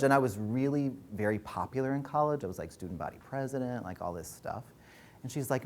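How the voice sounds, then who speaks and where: A man leading a workshop as coach, telling candid personal stories in a frank, animated way, swearing freely and laughing as he talks. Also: mid-range voice, a little fast. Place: workshop room.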